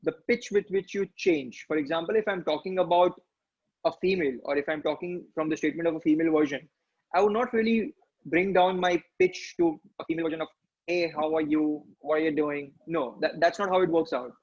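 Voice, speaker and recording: A man's voice: fairly high pitch, a little fast, a little mellow, husky, dull audio. A man, coaching public speaking and answering questions in an earnest, encouraging way, often asking rhetorical questions. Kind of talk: online training session answering questions.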